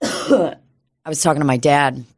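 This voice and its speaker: A woman co-hosting a podcast, telling stories in a casual, profane, animated way. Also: deep voice, a little slow, no room sound, clean studio sound. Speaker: podcast co-host. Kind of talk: casual chat.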